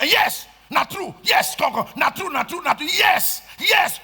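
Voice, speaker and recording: A man with a Nigerian accent preaching a sermon, swinging between shouted lines and hushed asides and repeating phrases for emphasis. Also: extremely high pitch, expressive, measured pace, vocal fry, few pauses. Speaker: pastor.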